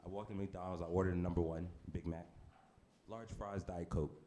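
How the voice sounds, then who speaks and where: A man performing a brash stand-up comedy set on a club stage, with deadpan shock delivery and asides to the crowd. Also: deep voice, brisk. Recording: noisy live club recording. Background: audience laughter.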